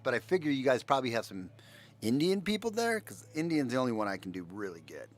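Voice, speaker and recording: A man's voice: medium pitch, big pitch swings, fast talker. A man hosting a livestream, reading news items aloud and mocking them in a sarcastic, rambling commentary. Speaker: livestream host.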